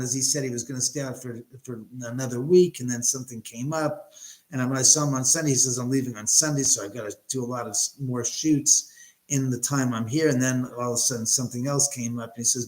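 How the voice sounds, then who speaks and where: A man hosting a casual live stream from his home, loud, joking and profane as he reads out chat comments. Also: mid-range voice, rough recording.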